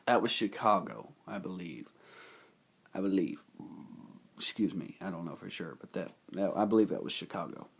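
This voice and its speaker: A man casually recapping a movie plot, rambling and excitable, his voice a bit rough from feeling unwell. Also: low voice, normal speed. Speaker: movie reviewer. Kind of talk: casual spoken film recap.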